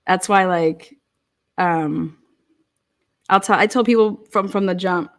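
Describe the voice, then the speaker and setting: A woman's voice: lowish voice, slow pace. Profane, chatty woman telling stories. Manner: swears freely, laughs, lots of "like". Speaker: online commentator. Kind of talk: casual profane storytelling.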